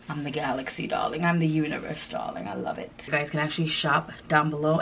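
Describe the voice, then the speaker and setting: A woman's voice: low voice, slight background noise, rough recording. Gushing woman doing a try-on haul. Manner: gushing, chatty, many fillers. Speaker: fashion vlogger.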